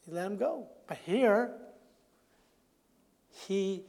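A man preaching a sermon as a pastor, telling the story in a lively way and acting out the voices of the people in it. He often chuckles, and his voice drops quietly at the ends of lines. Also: high voice, normal speed. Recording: long hall reverb.

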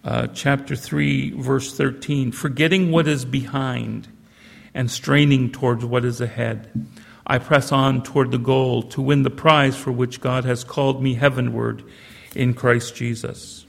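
An old man preaching a sermon, reading scripture in a measured way and breaking into conversational asides. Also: medium pitch, fairly even intonation, gravelly, big-room sound. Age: older. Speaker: pastor.

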